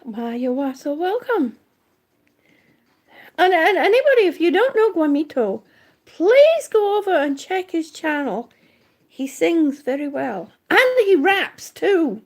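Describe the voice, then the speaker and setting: A woman's voice: extremely high pitch, very animated, a little slow, a little mellow. A woman who is out of breath, chatting casually on a livestream, greeting viewers and reading their comments, often trailing off and restarting. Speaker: livestream vlogger.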